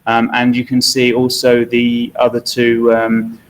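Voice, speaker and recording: A man's voice: mid-range voice, completely flat delivery, a little slow. Man, teacher, hesitant, many fillers, school hall presentation. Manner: hesitant, many ums and uhs.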